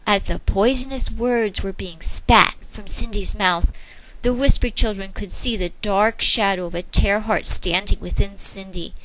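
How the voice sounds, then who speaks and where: A woman reading a children's storybook aloud, expressive and easily moved, breaking off now and then to comment. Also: medium pitch, measured pace, no room sound, rough recording. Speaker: storybook reader.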